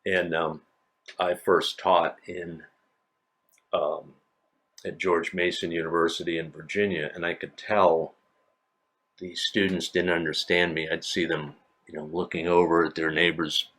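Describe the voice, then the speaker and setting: Deep-voiced older male lecturer, rambling. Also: flat delivery, a little slow, pauses often, fairly bright tone. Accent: slight New England. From New England. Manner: rambling, many fillers and restarts. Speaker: university lecturer. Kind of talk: recorded classroom lecture.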